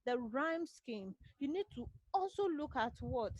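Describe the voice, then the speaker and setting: A woman's voice: sits high, expressive, measured pace, a little mellow, no room sound, rough recording. A woman with a Ghanaian accent teaching a literature class online, drilling key points and asking "what?" questions that she answers herself. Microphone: computer mic on a video call.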